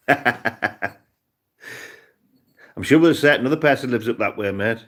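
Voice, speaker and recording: A man's voice: mid-range voice, a little slow, a bit bright. Rambling Cumbrian man on a livestream. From Cumbria, England. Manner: rambling, chatty, peppered with "mate". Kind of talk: casual live-stream chat.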